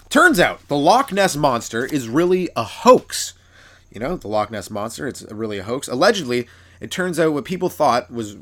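Riffing through a stand-up set on his own podcast, this Canadian comic swears freely and slips into loud, over-the-top voices, all in a mid-range voice.

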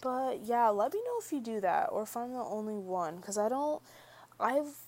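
A woman's voice: a little high, big pitch swings, moderate pace, darkish tone. Rambling young woman vlogger. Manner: rambling, many fillers and self-corrections. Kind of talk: casual chat to camera.

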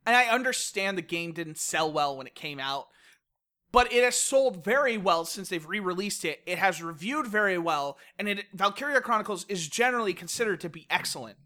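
A woman co-hosting a casual games podcast, animated and laughing, swearing when she gets worked up. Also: medium pitch, normal speed. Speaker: podcast co-host. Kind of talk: casual podcast rant about video games.

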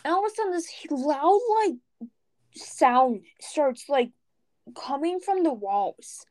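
A teenage girl co-hosting a laid-back podcast with her friend. Her voice sits a little on the high side, and she rambles through her stories with plenty of fillers and laughter. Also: sing-song, takes it slowly, darkish tone, poor audio. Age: teens. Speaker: podcast co-host. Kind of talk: casual chat.

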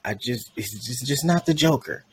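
A man's voice: mid-range voice, animated, moderate pace, slight background noise. Opinionated man in casual chat. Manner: opinionated, laughs often, trailing restarts. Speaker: guest co-host. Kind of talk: casual podcast film review chat.

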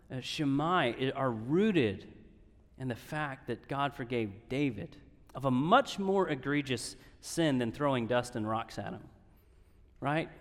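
A man preaching a sermon in earnest tones, often checking in with "right?". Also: a little high. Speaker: pastor. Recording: reverberant hall.

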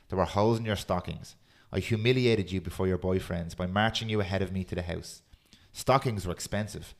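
A man hosting a podcast, chatting casually and reading a poem aloud in a steady, earnest way. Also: deep voice. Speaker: podcast host.

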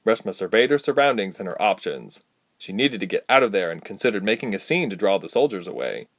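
Male audiobook narrator, low voice with a lively, varied delivery. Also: a little fast.

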